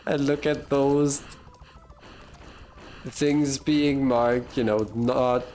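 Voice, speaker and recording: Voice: mid-range voice, fairly even intonation, very slow, darkish tone. A live streamer casually musing to chat while playing a video game, rambling and amused at their own point, often restarting sentences.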